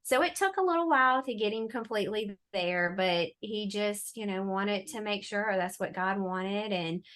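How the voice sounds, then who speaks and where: Bright-voiced woman telling stories. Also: mid-range voice, moderate pace, few pauses. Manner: animated, sarcastic, laughing storyteller. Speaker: podcast guest. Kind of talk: casual storytelling chat.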